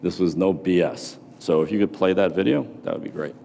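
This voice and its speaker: A man's voice: low-pitched, brisk, creaky, dark tone, big-room sound, slight background noise. A man from New York, a former floor trader, giving a motivational speech in a casual storytelling way, with profanity.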